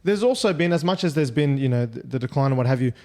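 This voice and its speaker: A man co-hosting a podcast in casual chat, talking quickly with frequent restarts and repeated words. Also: medium pitch, lively intonation, darkish tone. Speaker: podcast co-host.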